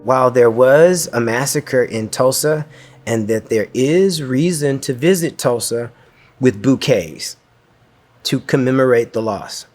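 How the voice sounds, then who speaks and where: A man's voice: medium pitch, a little mellow. Earnest man telling a personal story. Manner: earnest, reflective and emotional, with quoted dialogue. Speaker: speaker giving a talk.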